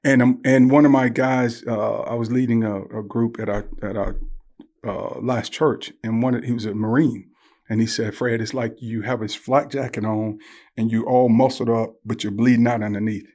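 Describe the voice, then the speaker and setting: An older man, a guest on a podcast interview, telling animated stories and acting out the voices he quotes. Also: mid-range voice, normal speed. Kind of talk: conversational interview.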